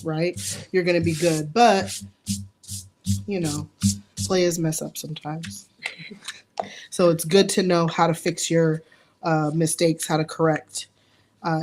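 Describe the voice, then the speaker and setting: A young woman talks viewers through a live nail tutorial in a relaxed, chatty way. Her voice sits on the low side, and she laughs easily at her own small mistakes. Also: a little hiss or hum. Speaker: nail artist giving a live demo.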